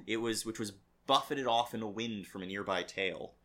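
A man's voice: fairly low pitch, moderate pace, bright, forceful tone. Chatty man co-hosting a book talk. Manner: chatty, finishes his partner's points. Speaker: podcast co-host discussing a novel. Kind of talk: casual book discussion.

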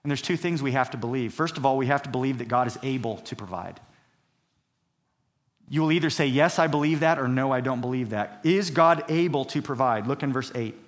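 A man's voice: medium pitch, fairly quick. A male pastor preaching a sermon, emphatic and repetitive, reading scripture aloud between points. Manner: emphatic preaching, repeats key phrases, reads scripture aloud.

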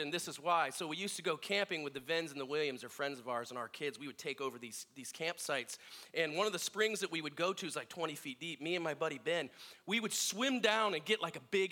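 Bright-voiced man telling family stories. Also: fairly high pitch. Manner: reflective, animated in quoted voices. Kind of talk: personal storytelling sermon.

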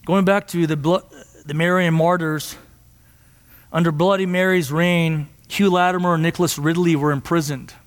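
Man, pastor, high voice, impassioned sermon, rising to near shouts, church with long reverb. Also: steady tone, normal speed.

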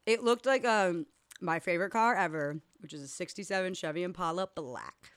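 A young woman co-hosting a podcast casually recaps a movie plot, acting out quotes, laughing, and swearing. Her smooth voice sits on the low side and moves fairly quickly.

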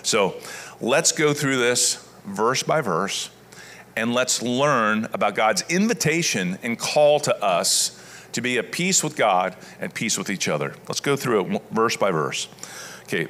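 Guy preaching a sermon, bright voice, reads scripture then just talks it through casual. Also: mid-range voice, lively intonation, measured pace. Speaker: pastor.

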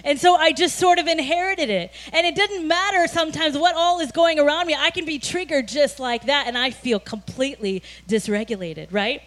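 A woman pastor giving a sermon in a conversational storytelling way, animated at times and full of "you know" and "like". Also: high-pitched, normal speed, few pauses. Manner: frequent fillers like "you know" and "like".

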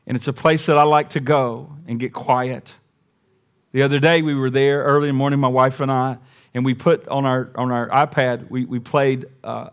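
A man, a pastor, delivering a sermon. He swings from quiet, reflective talk to raised, emphatic repeated lines, with folksy asides. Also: medium pitch.

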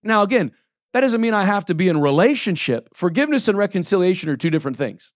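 A man's voice: high-pitched, big pitch swings, fast talker, dry recording, studio quality. A man in his forties preaching a sermon as a pastor, talking in a loose, conversational way, often checking in with "right?" and "okay?", and reading scripture aloud between plain asides.

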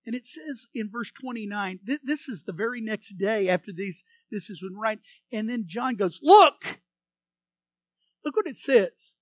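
A male pastor preaching an animated sermon, acting out voices from the story and leading the congregation in repeating phrases. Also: sits high, normal speed, hardly any pauses, dry recording.

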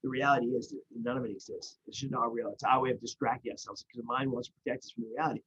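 Man, fast earnest talker, husky voice, dull lo-fi sound. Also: mid-range voice, fairly even intonation, fairly bright tone. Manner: earnest, rambling with restarts. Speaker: guest in recovery. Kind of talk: casual conversation.

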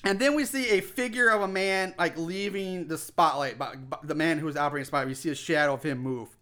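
A man with a high, bright voice recaps a movie plot in loose, casual podcast chat. He rambles, swears freely and often restarts his sentences. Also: quick pace. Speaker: podcast co-host.

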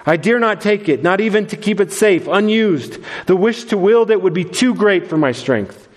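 A man's voice: high-pitched, animated, normal speed, pitched above the performer's own voice. A man reading as a grave old wizard. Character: old wise male wizard, grave and refusing. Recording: long hall reverb.

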